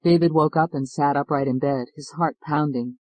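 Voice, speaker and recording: A man narrating an audiobook in an even, measured storytelling manner, on a close studio mic. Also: a little high, no echo, low-quality recording. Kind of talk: scripted narration.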